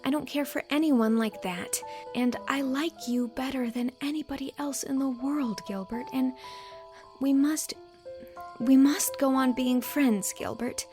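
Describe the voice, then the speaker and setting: A woman's voice: sits high, a little slow, music in the background, pitched above the performer's own voice. A woman reading the lines of an earnest, dreamy young student in an audiobook, her delivery emotional and often pleading. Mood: distressed.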